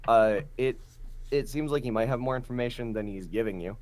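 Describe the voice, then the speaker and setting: A man's voice: mid-range voice, brisk, darkish tone. A man narrating as game master, loose and full of fillers.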